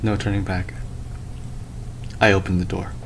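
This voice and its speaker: A man's voice: deep voice, flat delivery, normal speed, creaky, slight background noise. A man playing a tabletop game, stating his character's actions with stammers and repeats. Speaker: player.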